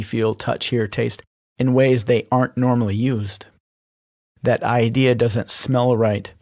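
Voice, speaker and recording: A man hosting a podcast, reading scripted instructional narration in a steady, even-paced delivery. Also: mid-range voice, gravelly, dry recording, clean studio sound. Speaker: podcast host teaching persuasion.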